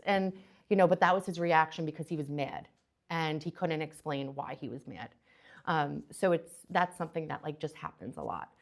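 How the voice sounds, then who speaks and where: A young adult woman with a slightly low voice gives a conference talk. She speaks casually, and her sentences are full of fillers, restarts and quick asides to her listeners. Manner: chatty, many fillers and restarts. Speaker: presenter.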